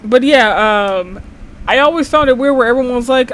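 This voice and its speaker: A woman's voice: a little fast, a little hiss or hum, poor audio. A young woman from Texas chatting casually and animatedly, acting out quotes as she tells stories. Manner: animated storyteller, acts out quotes with wide pitch jumps. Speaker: co-host of a gaming video. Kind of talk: casual chat.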